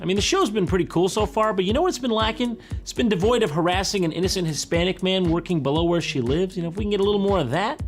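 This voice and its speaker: A man's voice: sits high, animated, quick pace, hardly any pauses, faint music behind. Sarcastic man mocking a dating show. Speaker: commentator reacting to a dating show. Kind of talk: comedic reaction commentary.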